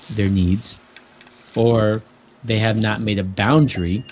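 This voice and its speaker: A man's voice: on the low side, darkish tone, a little hiss or hum. A man co-hosting a podcast, speaking in an earnest, reflective way about his own views. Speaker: co-host. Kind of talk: casual podcast chat.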